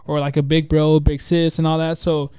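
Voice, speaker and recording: A man's voice: on the high side, level tone, normal speed, dark tone, clean tone, no room sound. A young man hosting a podcast, chatting casually in a rambling way and laughing often, on a headset mic. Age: young adult. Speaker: podcast host. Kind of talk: casual chat.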